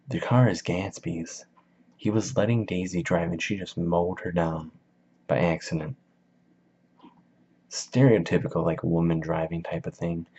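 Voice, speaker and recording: A man's voice: low voice, darkish tone, husky. A man giving a casual book summary in a slangy, rambling, jokey way, in a dull lo-fi recording. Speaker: video host.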